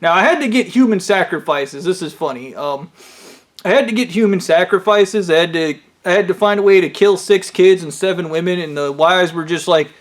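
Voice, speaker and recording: Male vlogger, slightly high voice; casual, profane, excitable storytelling. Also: brisk. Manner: profane, excitable, breaks into loud yells.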